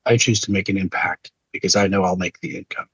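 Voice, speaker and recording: A middle-aged man with a husky, low voice speaks with earnest, preacher-like conviction, telling stories in an inspirational talk. The recording is dull and lo-fi with a dry, close sound. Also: fairly even intonation, fast talker, fairly bright tone, no room sound. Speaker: leadership speaker. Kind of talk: inspirational keynote storytelling.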